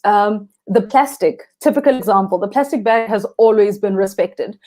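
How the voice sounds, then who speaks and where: A woman's voice: medium pitch, normal speed. A young South African woman, a freediving instructor, talking earnestly and expressively as a guest in a live interview. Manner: earnest, expressive, speaks of the ocean lovingly.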